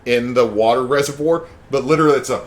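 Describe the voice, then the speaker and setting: A man's voice: medium pitch, fast, slight background noise. Man narrating a tabletop game. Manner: animated storytelling with sound effects. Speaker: game master.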